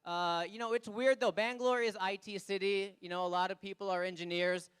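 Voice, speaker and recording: High-voiced Indian man doing stand-up. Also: smooth. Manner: animated, acts out characters with quick voice shifts. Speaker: stand-up comedian. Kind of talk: stand-up comedy set. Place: comedy stage before a live audience.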